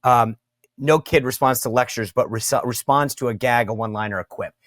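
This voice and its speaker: A man's voice: mid-range voice, a little fast, fairly bright tone, dry recording, clean studio sound. A man hosting an interview show, conversational with frequent restarts. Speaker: show host. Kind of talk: interview and sign-off.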